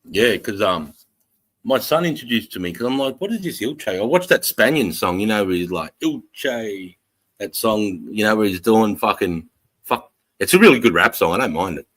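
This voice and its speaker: A man's voice: fairly low pitch, lively intonation, normal speed, a bit bright, low-quality recording. A man casually hosting a livestream, telling stories bluntly with plenty of swearing. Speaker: livestream host.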